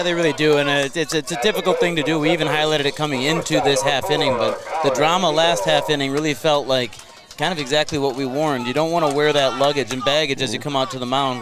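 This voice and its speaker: A man's voice: mid-range voice, steady tone, quick pace. A man giving baseball color commentary, explaining the strategy behind each play.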